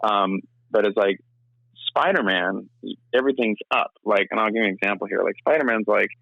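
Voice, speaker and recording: A young man giving a casual interview, talking fast in a rambling way full of restarts. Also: fairly low pitch, creaky, dry recording, dull audio. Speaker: filmmaker and actor, interview guest.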